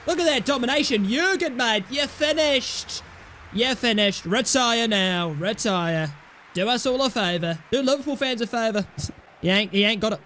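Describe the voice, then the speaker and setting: A young man commentates on a football video game, shouting at his players and yelling in mock outrage. His voice sits very high and sounds bright and forceful, with a faint hiss of noise behind it. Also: expressive, normal speed. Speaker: gaming commentator.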